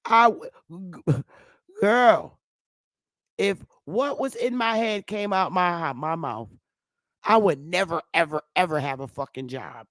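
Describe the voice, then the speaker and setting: A woman's voice: fairly low pitch, animated, takes it slowly, dry recording, clean studio sound. A woman talking straight to the camera in a casual monologue, blunt, heavy on profanity and emphatic. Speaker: online commentator.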